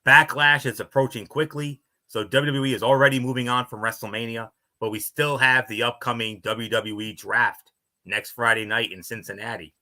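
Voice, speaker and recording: A man's voice: medium pitch, fairly even intonation, moderate pace, bright, forceful tone. A man co-hosting a wrestling recap podcast, talking loosely with lots of fillers and trailing sentences. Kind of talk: casual recap chat.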